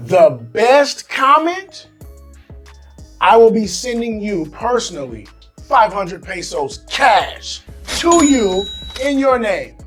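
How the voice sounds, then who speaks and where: A man's voice: high voice, husky. An American man hosting his own vlog, talking casually and animatedly to camera in slangy speech. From United States. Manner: animated, slangy, acts out quoted voices. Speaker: expat vlogger host.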